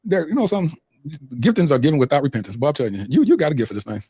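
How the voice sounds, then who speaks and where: Fast-talking earnest man, dry sound. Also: fairly high pitch, sing-song, mellow, husky, no room sound. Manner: earnest, preacherly, emotional. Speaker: podcast host. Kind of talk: earnest podcast talk ending in prayer.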